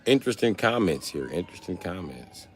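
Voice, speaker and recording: A man's voice: sits low, sing-song, brisk. A man chatting casually on a livestream, reading comments and trading crude, joking banter with his viewers. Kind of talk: casual live stream chat. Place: South Carolina.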